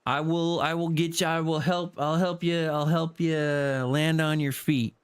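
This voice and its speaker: A man streaming a multiplayer game, chatting casually and jokingly, repeating himself and popping into sudden high exclamations. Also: level tone, a little slow, clear, resonant tone. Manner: playful, jokey, repeats himself, jumps into squeaky exclamations. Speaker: gaming streamer. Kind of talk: casual multiplayer gameplay chat.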